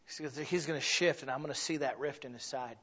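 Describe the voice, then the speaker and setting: A man preaching a sermon as pastor, shifting from quiet, near-whispered passages to loud, exclaiming ones. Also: medium pitch, fast, highs cut off. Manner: swings from hushed and intimate to loud and exclaiming.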